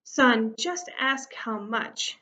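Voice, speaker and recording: A woman's voice: fairly high pitch, animated, very slow, bright, forceful tone, a little hiss or hum, heavily acted. A woman reading the part of an elderly grandfather who coaxes and pleads, mixing in Spanish phrases, in a storybook read-aloud. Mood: coaxing. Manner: coaxing, slips in Spanish phrases. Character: elderly Mexican-American grandfather, hopeful and pleading. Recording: muffled lo-fi recording.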